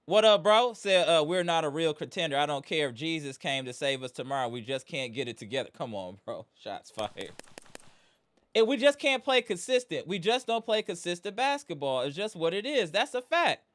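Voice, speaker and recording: Fan-stream host, man, frustrated and chatty, slightly high clear voice. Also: lively intonation, fairly quick, few pauses, a bit bright. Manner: hype, greets chat by name, frustrated. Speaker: livestream host. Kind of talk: live sports fan stream chat.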